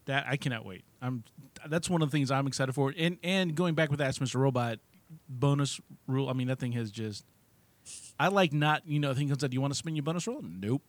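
A man's voice: medium pitch, brisk, no echo. A man hosting a podcast in casual chat, giving short reactions and teasing questions. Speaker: podcast host.

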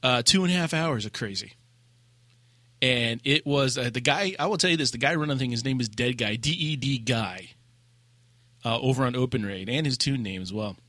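A man co-hosting a casual gaming podcast, telling a raid story with lively acted-out quotes and laughter. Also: medium pitch, fairly quick, no echo. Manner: animated storyteller, acts out quotes. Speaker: podcast co-host.

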